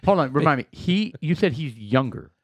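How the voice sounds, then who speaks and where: A man's voice: a little high, sing-song, normal speed, breathy edge, no room sound. A man co-hosting a podcast in casual chat, teasing and egging on the storyteller. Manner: playful, teasing interjections. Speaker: podcast co-host.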